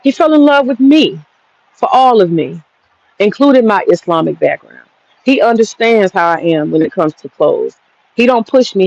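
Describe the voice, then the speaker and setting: A woman in her thirties rants at a critic in a profane, combative way. Her voice has a gravelly fry. The recording is dry and close but dull and lo-fi. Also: mid-range voice, animated, normal speed, darkish tone, dry recording. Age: 30s. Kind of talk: heated casual rant. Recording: dull lo-fi sound.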